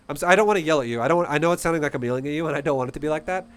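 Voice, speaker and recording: A man's voice: fairly high pitch, racing, clean tone. A man coaching a player through a game replay in a casual, blunt, profane and passionate way. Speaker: StarCraft coach.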